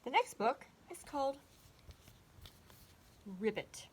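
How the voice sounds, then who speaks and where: A woman teacher reading picture books aloud to children in a slow, expressive storytelling voice. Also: high voice, a little hiss or hum.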